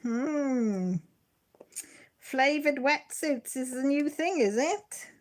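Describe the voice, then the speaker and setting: A woman's voice: high-pitched, extremely slow. A middle-aged woman, hosting a casual live stream, reading comments and often breaking into giggles. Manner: giggly, self-deprecating, chatty.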